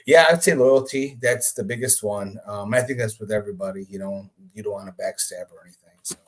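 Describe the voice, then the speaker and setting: A man's voice: fairly low pitch, fairly quick. A man in his forties, a guest on a podcast, talking casually and easygoing with frequent laughs and hesitant fillers. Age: 40s. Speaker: guest, comic creator. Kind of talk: casual interview chat.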